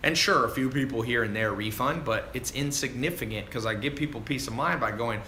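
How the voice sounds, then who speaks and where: A man coaching viewers on a casual livestream, animated and chatty, calling people dude and man as he answers their questions. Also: mid-range voice, fairly quick, slight background noise. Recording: roomy echo with faint ambience.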